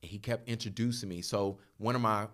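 Animated low-voiced man telling stories. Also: brisk. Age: 30s. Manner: animated, laughing storyteller. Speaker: podcast guest. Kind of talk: casual storytelling chat.

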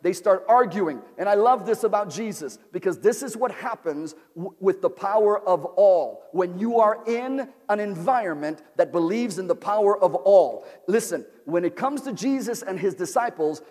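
Male preacher, high voice, builds to shouts, long reverberant church hall. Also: lively intonation, moderate pace, hardly any pauses. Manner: call-and-response preaching, repeats phrases, rises to shouting. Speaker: pastor. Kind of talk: sermon.

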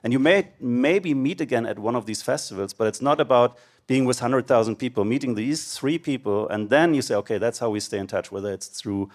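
A man speaking on a panel, pausing and searching for words as he explains his point. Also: medium pitch. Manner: hesitant, searches for words, restarts. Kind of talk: casual panel chat.

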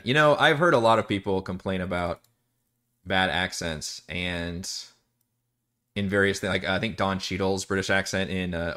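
A man's voice: deep voice, bright, forceful tone. A man from Texas, a dungeon master rambling casually through campaign prep on a live stream, restarting sentences and cursing now and then. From Texas, USA.

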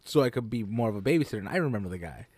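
A man's voice: fairly low pitch, expressive, very fast, darkish tone, slightly rough, no echo. A man co-hosting a podcast in casual chat, laid-back and chiming in with short agreements. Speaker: podcast co-host.

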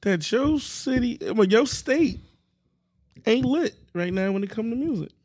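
A man's voice: very high voice, lively intonation, measured pace, a little mellow, no echo, clean studio sound. A man from New Jersey hosting a podcast, talking in a casual, teasing way and laughing often. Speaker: podcast host. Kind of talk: casual chat.

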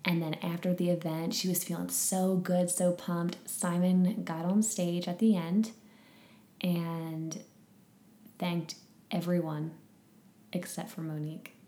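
A woman chatting casually and telling a story with lively energy, laughing often. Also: on the low side, slow pace, roomy sound. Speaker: podcast guest sharing a conference experience. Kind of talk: casual chat.

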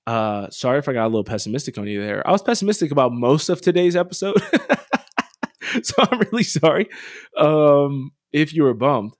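A man's voice: mid-range voice, animated, fast talker, few pauses, a little mellow, dry recording, clean studio sound. A man hosting a casual commentary podcast, blunt and opinionated with some swearing, turning earnest and encouraging. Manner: earnest and exhorting. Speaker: podcast host.

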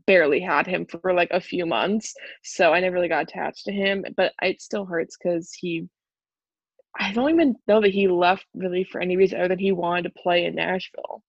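A woman's voice: on the low side, dry recording, dull audio. A woman co-hosting a podcast, chatting casually and giving strong opinions on hockey, full of "like" and asides. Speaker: podcast co-host. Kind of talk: casual sports chat.

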